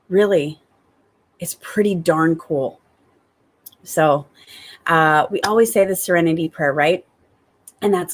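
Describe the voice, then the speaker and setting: A woman talking to her viewers in an upbeat, enthusiastic gratitude vlog, returning again and again to the same warm phrases. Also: fairly low pitch, steady tone, unhurried, pauses often. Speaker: spiritual coach.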